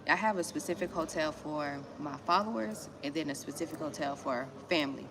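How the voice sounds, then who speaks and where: Her voice sits low and moves a little fast, with noise behind it. On a livestream from West Africa, the woman, who hails from Miami, Florida, USA and carries a Southern US accent, gives viewers blunt, slangy, casual talk about small business grants.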